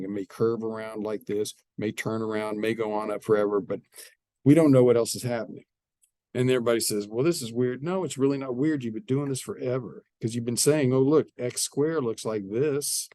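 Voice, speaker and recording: A man's voice: on the low side, dark tone, no room sound. A man teaching a math lesson, explaining step by step and often repeating his phrases. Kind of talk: classroom math lecture.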